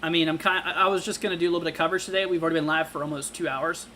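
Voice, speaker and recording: Bright-voiced casual weather streamer man. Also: on the high side, fairly even intonation, slight background noise. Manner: casual, filler-heavy, halting restarts. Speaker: livestream weather host. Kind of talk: live severe-weather coverage and chat reading.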